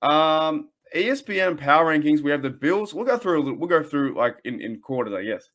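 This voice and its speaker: A man's voice: a little high, animated, brisk, fairly bright tone. An Australian man in his thirties hosting a casual sports fan podcast, ranting in a rambling, heated way with frequent restarts. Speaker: podcast host.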